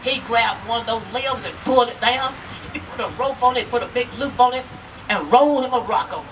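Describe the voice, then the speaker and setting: Lively storyteller woman outdoors. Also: a little high, brisk. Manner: lively, talking straight to listeners. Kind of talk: folk tale told to a live audience. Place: outdoor town square festival. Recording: outdoor, mic far off, faint noise.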